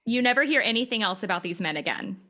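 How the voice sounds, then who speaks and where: A woman's voice: on the high side, lively intonation, fast talker, bright, forceful tone. A woman hosting a podcast, recounting case details in casual chat with plenty of fillers. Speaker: podcast host. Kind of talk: casual true-crime chat.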